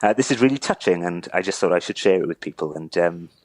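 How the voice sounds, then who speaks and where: Halting, choked-up man. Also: low voice, animated, a little mellow, dry recording, low-quality recording. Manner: halting, repeats words, chokes up. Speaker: interviewee, neighbour telling a story. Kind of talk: emotional phone interview.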